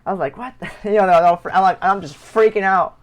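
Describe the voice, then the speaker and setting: A man's voice: sits high, quick pace, smooth, lo-fi sound. A young man streaming live, telling a rambling personal story with heavy swearing and many restarts. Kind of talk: casual storytelling.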